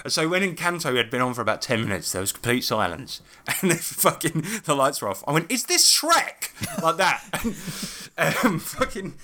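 A man's voice: on the high side, lively intonation, moderate pace, hardly any pauses, sharp tone. A man co-hosting a casual podcast about running tabletop games, telling stories with lots of laughs, swearing and restarts. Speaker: podcast co-host and game master.

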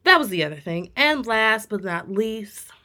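A young woman co-hosting a casual podcast, telling stories in a blunt, profane, animated way. Her voice is bright and sharp. Her pitch jumps up and down a lot as she talks. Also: moderate pace. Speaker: podcast co-host. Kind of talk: casual chat rant.

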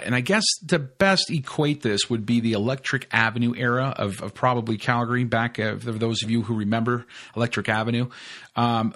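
A man's voice: on the low side, a bit bright. A man hosting a podcast, telling a long story in a rambling, casual way with lots of fillers, restarts and swearing. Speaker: podcast host.

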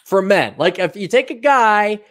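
A fairly high-voiced American man chatting on a podcast. His pitch swings widely as he jokes and riffs, quick asides tumbling out in a loose, animated flow. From United States. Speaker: podcast host. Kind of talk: casual chat.

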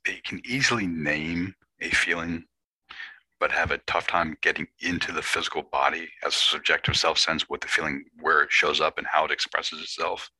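A man's voice: rumbling low, fairly even intonation, normal speed, sharp tone, husky, dry recording, low-quality recording. A man hosting an interview, asking long, thoughtful questions in a curious, affirming way. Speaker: podcast host, interviewer. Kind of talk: conversational interview.

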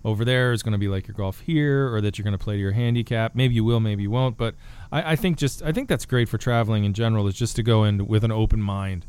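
A man's voice: lowish voice, fast, hardly any pauses, a little mellow, clean tone. A man talking as a guest author in a casual podcast chat, joking and rambling with restarts.

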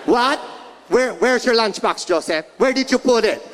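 Guy doing his mom, super high and yelly, relentless scolding, noisy stage clip. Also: animated, moderate pace, long reverb tail. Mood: interrogating. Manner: shrill interrogating yells. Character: scolding Filipino mother, middle-aged woman, relentless.

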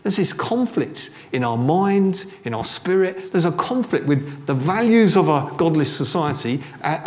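Chatty male preacher. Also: on the high side. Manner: conversational, with restarts and asides. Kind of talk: sermon. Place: church.

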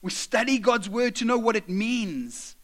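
A man's voice: very high-pitched, lively intonation, unhurried, fairly bright tone. A middle-aged man preaching a sermon, urging his listeners directly and slipping into conversational asides and stories.

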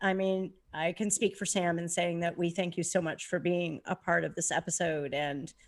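A woman's voice: lowish voice, fairly even intonation, normal speed. A woman hosting a podcast, a dance teacher, talking in an effusive, heartfelt and rambling way with many repeated words. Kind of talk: emotional casual chat.

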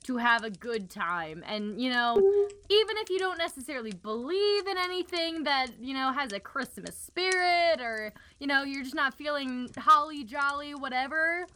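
A woman's voice: sits high, animated, normal speed, bright, forceful tone. A woman guest on a podcast in casual chat, talking freely and filling her sentences with "you know". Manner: chatty, peppers speech with "you know".

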